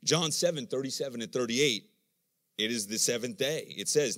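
A man's voice: mid-range voice, normal speed. A middle-aged man preaching a sermon, telling stories and acting out the voices he quotes. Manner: animated storytelling, acts out quoted voices.

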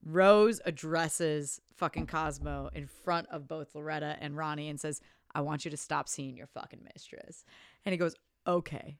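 Woman, casual movie recap, acts out lines, swears a lot, slightly low pitch. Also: normal speed, smooth, no echo, clean studio sound. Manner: animated, acts out characters' lines, swears freely.

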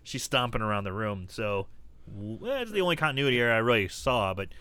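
A man's voice: lowish voice, big pitch swings, a little fast, sharp tone, clear, resonant tone, no room sound. A man casually recapping a horror film on a podcast, swearing freely and putting on mocking voices for the characters. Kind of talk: casual movie recap chat.

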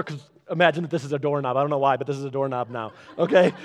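A man in his thirties preaching a sermon, animated and acting out little voices as he speaks. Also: rapid-fire, hardly any pauses. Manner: animated, acts out voices with big pitch jumps. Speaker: pastor.

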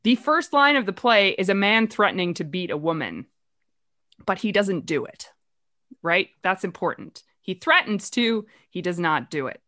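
A woman's voice: mid-range voice, sing-song, normal speed, pushed and bright. A woman hosting a play-reading group, chatty and rambling with lots of fillers. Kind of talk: casual talk.

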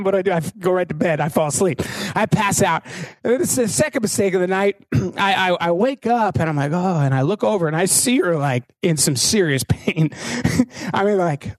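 High-voiced self-mocking preacher man. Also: no room sound. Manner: self-deprecating, halting with many restarts. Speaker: pastor. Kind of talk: sermon with personal storytelling.

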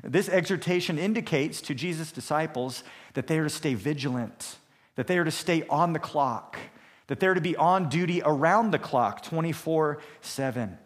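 A man preaching a sermon as a pastor, in a steady expository manner with occasional restarts. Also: a little high, normal speed.

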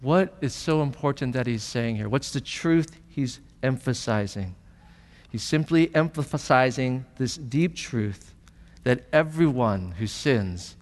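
A pastor preaching a sermon in a conversational way, asking rhetorical questions and building emphasis. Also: male voice, medium pitch. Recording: long hall reverb.

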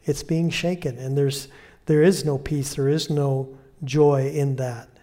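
Mellow-voiced man preaching a sermon. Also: medium pitch, fairly even intonation. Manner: conversational preaching, repeats phrases, fillers and restarts; slows and softens when quoting Scripture.

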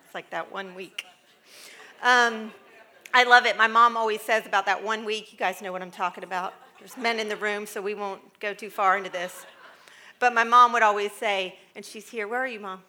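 A woman's voice: medium pitch, steady tone, normal speed, pushed and bright. A middle-aged American woman giving a chatty, humorous talk to a live audience, rambling through asides with frequent laughs. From United States. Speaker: speaker addressing a live audience.

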